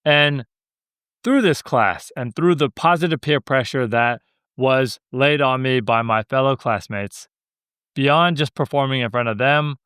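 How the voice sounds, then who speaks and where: A man's voice: medium pitch, fairly bright tone, clear, resonant tone, dry recording, studio quality. A young man hosting a podcast, telling stories in a laid-back, joking way. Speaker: podcast host. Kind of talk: casual storytelling monologue.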